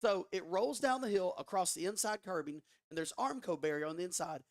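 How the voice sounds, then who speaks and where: A man guest on a podcast telling a story in a casual, animated way, swearing often and restarting his sentences. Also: sits high, a little fast, dry recording, studio quality. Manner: animated, profane, frequent restarts. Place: studio.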